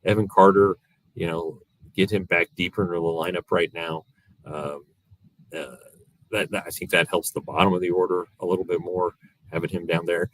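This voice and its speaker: A man's voice: low voice, flat delivery, normal speed. A middle-aged man chatting casually as a guest on a sports podcast, rambling with lots of fillers and restarts. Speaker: guest analyst.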